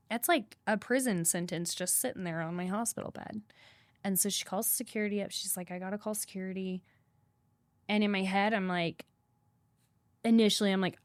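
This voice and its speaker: A woman's voice: medium pitch, no echo. A woman guest on a podcast telling a hard personal story candidly, swearing freely and repeating points for emphasis.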